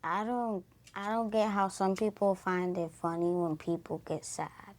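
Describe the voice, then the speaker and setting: A young co-host speaking earnestly and softly in casual chat with her mother. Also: medium pitch, fairly even intonation, measured pace. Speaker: podcast co-host, daughter.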